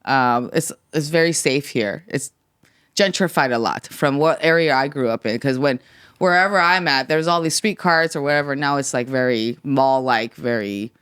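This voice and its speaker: A woman's voice: rumbling low, moderate pace, a bit bright, clean tone. A woman, a guest chatting casually on a podcast in a laid-back, slangy way. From United States. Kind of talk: casual chat. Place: podcast studio.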